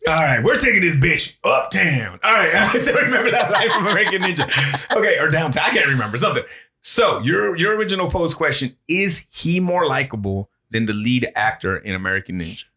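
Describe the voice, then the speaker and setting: Male podcast co-host, high and bright voice, excitable, curses freely; casual movie-review banter. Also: a little fast. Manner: excitable, swearing, laughing often.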